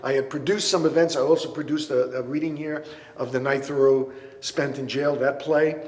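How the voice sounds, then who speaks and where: A man's voice: medium pitch, fairly even intonation, normal speed. A man who is a playwright and producer, telling stories in an interview and acting out the dialogue with animation. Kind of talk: interview storytelling. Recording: roomy hall echo.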